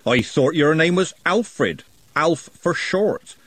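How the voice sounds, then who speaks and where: A man with a husky voice voicing a cheeky, nosy male baker who teases and chatters. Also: fairly high pitch, animated, takes it slowly, a bit bright, no echo, voice pushed up, full character voice. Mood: teasing. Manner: teasing, chatty.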